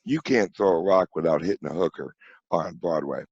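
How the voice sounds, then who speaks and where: A man's voice: deep voice, normal speed, darkish tone, husky, dry recording, muffled recording. A middle-aged man from St. Louis telling blunt, profane stories in a casual podcast chat. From St. Louis, USA. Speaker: podcast guest.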